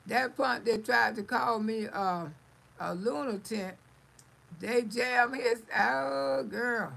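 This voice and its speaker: A woman's voice: fairly high pitch, slow, gravelly, a bit bright, rough recording. A middle-aged woman hosting a live stream, chatting casually, reading viewer comments aloud, blunt and salty, laughing often.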